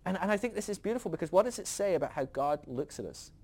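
A man's voice: high-pitched, lively intonation, quick pace, a little mellow. A man hosting a podcast who teaches from the Bible in a casual storytelling way, laughing often.

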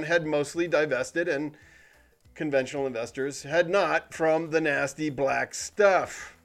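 A man hosting a weekly commentary show, talking in a sarcastic, cynical tone with animated emphasis. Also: a little high. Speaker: podcast host. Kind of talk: sardonic commentary monologue.

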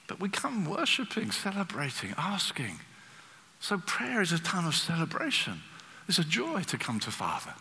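A man preaching a sermon, a lively storyteller who acts out the voices he quotes. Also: a little high, moderate pace, big-room sound.

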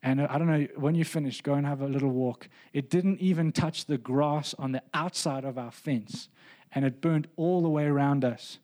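A man's voice: on the high side, moderate pace, a little mellow. A man, a pastor, telling a personal story in a sermon, earnest and building to emphatic preaching.

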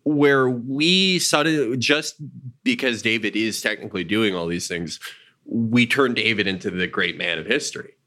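A man with a lowish, bright, forceful voice chats casually at a moderate pace, animatedly recounting old stories. He swears freely and acts out quotes, and his background is noted as Jewish rather than as a first language.

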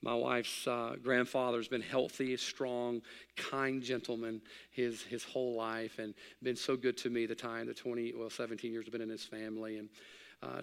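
A middle-aged male pastor delivers a sermon in a gravelly, creaky voice. He swings between loud, excited preaching and soft, hushed reflection. His voice rings with the long reverb of a church hall. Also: mid-range voice.

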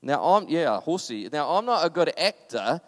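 A man's voice: fairly high pitch, big pitch swings, normal speed. Impassioned man preaching in echoey hall. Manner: impassioned, conversational, with rising emphatic bursts. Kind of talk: sermon.

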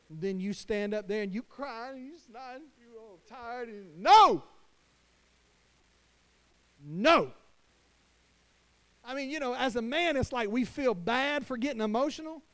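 A man pastor preaching a sermon to fathers, emphatic, swinging between hushed lines and loud declarations. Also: very high-pitched. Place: church.

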